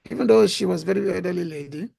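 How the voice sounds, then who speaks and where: A man giving a devotional talk who is losing his voice, speaking haltingly with frequent pauses and restarts. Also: sits high, creaky, mellow, slightly rough. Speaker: religious speaker.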